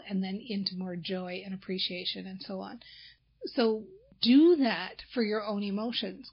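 A woman's voice: mid-range voice, slightly rough, dull audio. A woman coaching her listeners through a motivational talk, earnest, acting out sample sentences for them to say.

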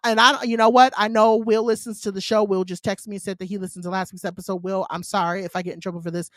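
A woman co-hosting a casual podcast, talking playfully and dramatically, swinging from loud bursts to quiet asides. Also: medium pitch, no room sound, clean studio sound. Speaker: podcast co-host.

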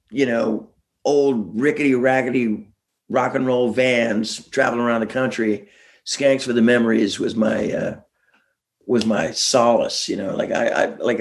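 A middle-aged man chatting as a guest, animated and laughing, slipping into quick voices as he tells stories. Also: medium pitch, creaky. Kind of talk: casual chat, storytelling.

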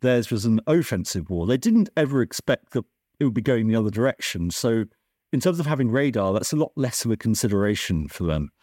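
A man, a science journalist, explaining history in a conversational podcast interview with lively swings in his delivery and frequent restarts. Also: a little fast, dry recording, studio quality. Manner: animated storyteller, lively pitch swings, self-correcting restarts. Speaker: science journalist and author, guest.

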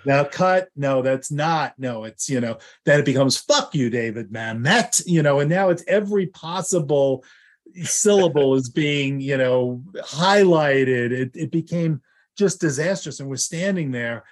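A man's voice: a little high, a little slow. A man who is an actor and lawyer, telling stories as a guest in a rambling way with many fillers and restarts. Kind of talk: casual anecdotal storytelling.

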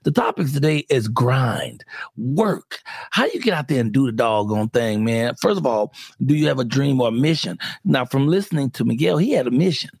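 A man's voice: mid-range voice, expressive, moderate pace, gravelly, darkish tone, husky, dry recording, studio quality. A man hosting a podcast in a casual, folksy, laid-back way with slangy talk. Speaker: podcast host. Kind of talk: casual interview chat.

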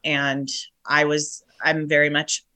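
A middle-aged woman, shaken, telling a painful personal story in a halting way with many restarts. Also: low voice, level tone, pushed and bright. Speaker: guest.

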